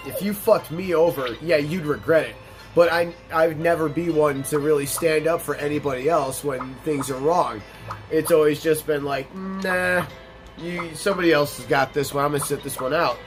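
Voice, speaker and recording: A young man telling a workplace story in a blunt, profane, animated way, acting out the quoted dialogue. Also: a little high. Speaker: gaming channel host telling a story. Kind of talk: casual storytelling over gameplay. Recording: voice over loud game music.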